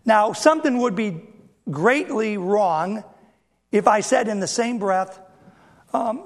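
A middle-aged pastor preaching in a notably high voice. He tells personal stories, acts out the people in them, and swings from quiet asides into loud, fervent emphasis. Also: expressive, slow pace, pauses often. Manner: storytelling, acts out family dialogue, bursts into loud emphasis. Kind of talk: sermon.

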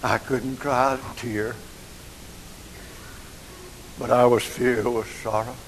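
An older man, preaching an emotional sermon that moves from soft, hushed passages to rising outcries. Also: medium pitch, flat delivery, takes it slowly, a little hiss or hum, poor audio.

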